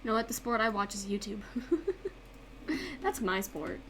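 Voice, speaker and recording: A young woman, an art and gaming YouTuber, chats while drawing on stream, reading chat aloud and telling stories with sudden dramatic outbursts. Her mid-range voice sounds fairly bright, with lively intonation at normal speed. Faint background noise sits under the recording.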